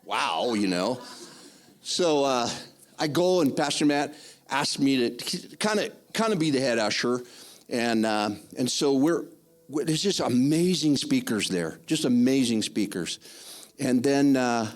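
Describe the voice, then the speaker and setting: A man's voice: medium pitch, measured pace. Older man giving a rambling testimony. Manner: rambling, excitable, many restarts. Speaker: church member giving testimony. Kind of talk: spoken testimony.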